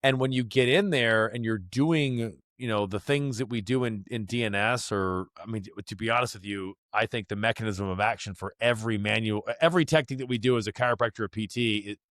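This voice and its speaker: A man's voice: lowish voice, a little fast, few pauses, fairly bright tone, no room sound, studio quality. A man who is a chiropractor and teacher, guesting on an interview show, talking casually and bluntly with the odd curse while he explains at length. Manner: blunt, swears casually, explains in long runs. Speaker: podcast guest, chiropractor and DNS instructor.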